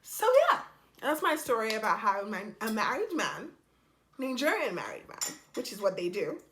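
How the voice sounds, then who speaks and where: A young woman vlogger telling a casual storytime, animated and exasperated, blunt and quick to swear. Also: mid-range voice, slight background noise.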